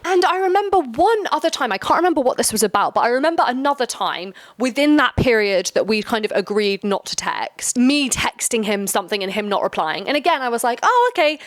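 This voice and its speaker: A young woman hosting a casual storytime vlog, chatty and quick, full of filler words. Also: on the high side, expressive, no echo. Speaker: storytime host.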